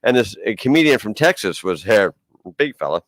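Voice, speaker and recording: Lively joking comedian man. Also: lowish voice, no room sound. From Boston. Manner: quick joking banter, crude quips. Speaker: comedian and podcast co-host. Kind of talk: casual comedic chat.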